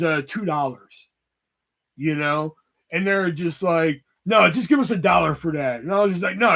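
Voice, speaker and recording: Hosting his own livestream, a man tells a long, rambling story in casual chat thick with profanity and "you know" fillers. His voice is fairly high-pitched with a fairly bright tone.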